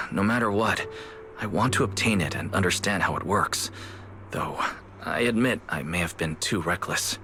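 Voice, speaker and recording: A man voicing a calm, earnest young proxy. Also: low voice, close to an everyday voice. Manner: calm, measured, dry humor. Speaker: game character. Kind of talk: video game dialogue. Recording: game audio with music behind.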